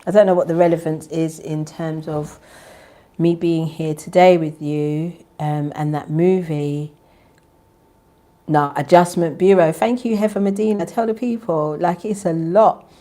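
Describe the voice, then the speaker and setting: A woman hosting her own spiritual channel. She chats casually with viewers and leads a spoken prayer, keeping her voice soft and low. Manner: deliberately soft, low-volume talk; chatty and animated, with bursts of laughter. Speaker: spiritual channel host and tarot reader.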